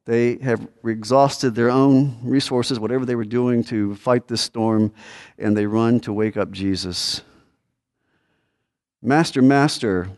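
A male pastor addresses his congregation conversationally, asking them rhetorical questions. He acts out desperate pleas in a raised voice before sinking into quiet, low side comments.

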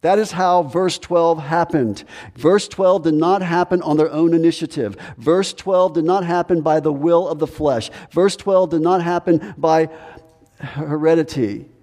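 Male pastor, mellow voice pitched a bit high, emphatic preaching, long hall echo. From United States. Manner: emphatic, repetitive preaching with dramatic pauses. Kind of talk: sermon.

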